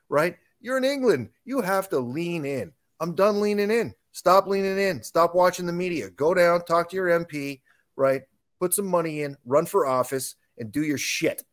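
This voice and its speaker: A tired man, a business owner and podcast guest, ranting about politics with swearing and rising heat. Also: a little high. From Canada.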